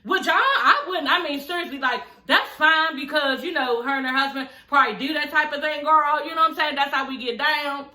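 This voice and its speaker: A woman's voice: high voice, fairly quick, few pauses, bright, forceful tone, echoey room. A woman, recapping a reality TV show in a casual chat, sassy and blunt, swearing and laughing often.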